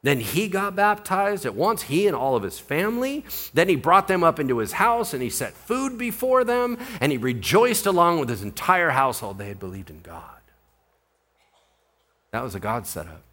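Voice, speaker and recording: A male pastor preaching with animated, conversational energy. His voice is bright and forceful, and it swings widely up and down as he throws out rhetorical questions. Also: a little high, normal speed. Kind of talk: sermon.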